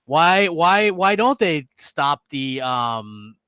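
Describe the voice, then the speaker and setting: A man's voice: a little high, very animated, drawn-out words, sharp tone, smooth, no echo. A man co-hosting a gaming podcast, ranting heatedly with rhetorical questions. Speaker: podcast co-host.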